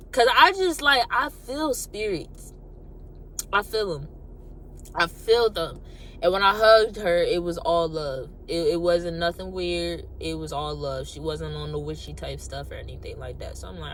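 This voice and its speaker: A young adult woman casually telling a personal story, animated and colloquial, acting out what people said. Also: lowish voice, a little slow, slight background noise. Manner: animated, acts out quotes, colloquial. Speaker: vlogger.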